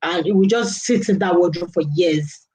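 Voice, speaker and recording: A woman's voice: on the low side, moderate pace, warm tone. A young woman with a Nigerian English accent, hosting a casual live stream and chatting loosely, repeating herself and laughing often.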